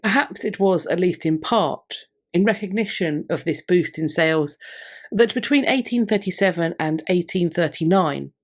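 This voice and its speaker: Low-voiced woman narrating history. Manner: measured, reads out scholarly quotations. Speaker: history channel presenter. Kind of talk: scripted narration.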